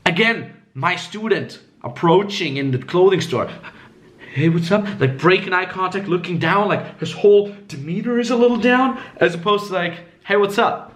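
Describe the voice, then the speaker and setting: Animated man coaching with lively pitch. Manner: animated, acts out tones with swooping high squeaks, swears freely. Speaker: dating coach. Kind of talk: casual coaching talk.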